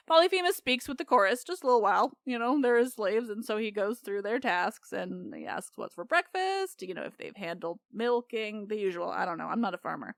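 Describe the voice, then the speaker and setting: A woman's voice: medium pitch, very animated, brisk, gravelly, few pauses, fairly bright tone, no room sound, clean studio sound. A woman hosting a podcast, retelling myths in a chatty, irreverent way that breaks into laughter. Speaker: podcast host. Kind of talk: comic myth retelling.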